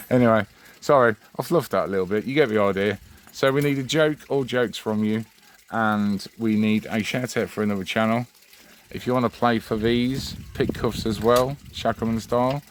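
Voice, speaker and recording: A man's voice: lowish voice, normal speed. A man hosting his own channel, chatting in a rambling, friendly way. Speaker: channel host. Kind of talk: casual vlog address.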